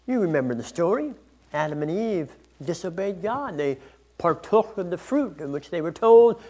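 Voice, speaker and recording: A man's voice: sits high, very animated, moderate pace, mellow. A man preaching a sermon in an earnest, explanatory way, restarting phrases now and then. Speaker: pastor.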